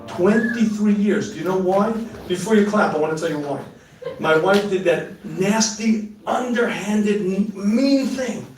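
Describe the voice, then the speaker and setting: A middle-aged rabbi answering audience questions in a live talk, animated and joking, often laughing at his own asides. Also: high-pitched, measured pace, a little hiss or hum. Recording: echoey room, mic at a distance.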